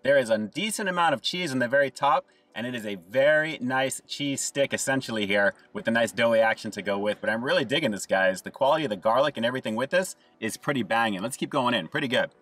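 A man's voice: mid-range voice, fast talker, few pauses, a bit bright, recorded from a distance. A man giving an enthusiastic casual food review, chatting to viewers and calling them "guys" as he tastes. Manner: enthusiastic, repeats "guys" and "action".

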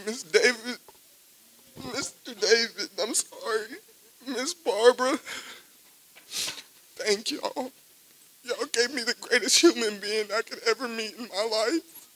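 A young man crying as he gives a halting, emotional eulogy for a friend at a memorial service. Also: very high voice, a bit bright, low-quality recording. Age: young adult. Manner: emotional, halting, repeats phrases.

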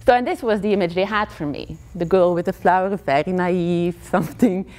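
A woman lecturer from Belgium speaks English with a Flemish accent, her first language being Dutch. Her voice sits fairly low, and she tells her story with lively energy, breaking into short laughs between points. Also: brisk. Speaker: criminology lecturer. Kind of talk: university talk.

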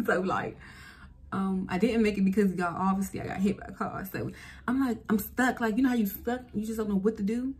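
A young woman telling a story to her viewers in a casual vlog, animated and profane, speaking straight to the audience. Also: medium pitch, fairly quick. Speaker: vlogger.

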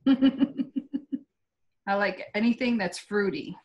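A woman's voice: mid-range voice, extremely slow, highs cut off. Chatty woman teaching a craft. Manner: chatty and digressive. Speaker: art instructor. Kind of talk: live painting demonstration.

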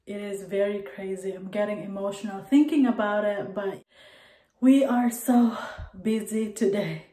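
Slow-talking Filipino woman, echoey room. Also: medium pitch, warm tone. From Philippines. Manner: chatty, repeats words for emphasis. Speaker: family vlogger. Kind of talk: casual vlog chat. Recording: echoey room with music behind.

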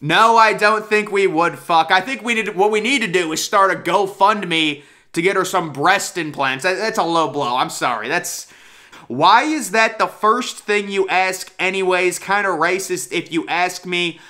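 A man's voice: sits high, unhurried, pushed and bright. A young man casually commenting on screenshots, joking crudely and reading lines aloud.

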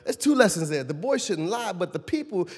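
A man pastor preaching a sermon in a church, animated and conversational, questioning his congregation. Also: sits high, brisk, breathy edge. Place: church sanctuary. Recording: long church hall reverb.

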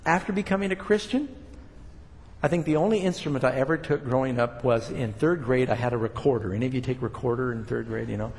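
A man's voice: mid-range voice, fast, creaky, a little mellow, big-room sound, a little hiss or hum. An older man preaching a sermon, talking casually to the congregation and building up emphatic points. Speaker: pastor.

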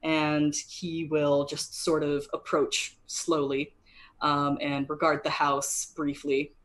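Low-voiced woman running a tabletop game. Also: monotone, slow pace. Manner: casual with many fillers. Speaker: game master.

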